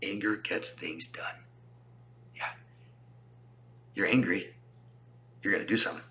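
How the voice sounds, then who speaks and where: A man's voice: deep voice, unhurried, pushed and bright. A man talking as a relationship coach in a casual explanatory style, emphatic and repeating points for stress. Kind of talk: casual explanatory talk to camera.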